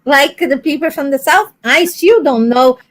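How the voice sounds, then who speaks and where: A woman from Brazil with a Brazilian accent, telling lively stories in a casual livestream chat; English is not her first language. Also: high voice, a little slow. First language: Portuguese. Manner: animated storyteller, laughing often.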